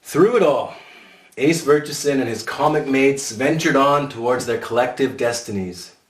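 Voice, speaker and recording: A man's voice: medium pitch, normal speed. A man narrating his own memoir in a dry, wry storytelling voice. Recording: roomy sound from a distant mic.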